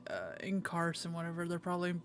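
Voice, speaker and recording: A woman's voice: lowish voice, big pitch swings, fast. A woman playing a tabletop role-playing game, chatting with the group in an offhand, casual way.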